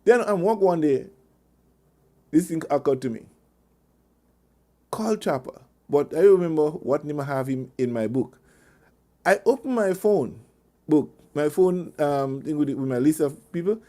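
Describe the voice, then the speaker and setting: A man's voice: on the high side, lively intonation, a little slow, pauses often, dark tone. A male radio host giving casual relationship advice over an online call, rambling through anecdotes with chuckles and repeated words. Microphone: online meeting call.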